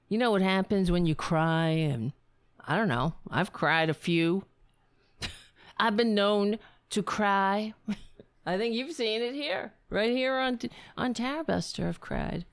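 A woman's voice: medium pitch, animated, slow pace, smooth, dry recording. A woman hosting a show and delivering political commentary in a profane, sarcastic and indignant way. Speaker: show host.

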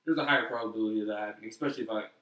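A man's voice: fairly low pitch, racing. A young man chatting casually and acting out quotes as he tells stories, recorded in a roomy space. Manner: animated storyteller, acts out quotes. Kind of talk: casual chat. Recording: roomy, from far off the mic.

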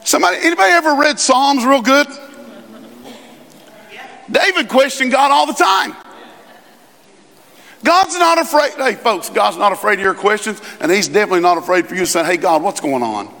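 A man preaching a sermon as pastor, in a conversational style with quick asides and rising emphasis. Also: very high-pitched, animated, gravelly, sharp tone. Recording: long reverb in a large hall.

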